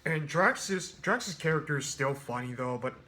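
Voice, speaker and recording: A man's voice: fairly high pitch, animated, normal speed, bright, forceful tone, slight background noise. A man casually reviewing a film, rambling with many restarts and fillers. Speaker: movie reviewer.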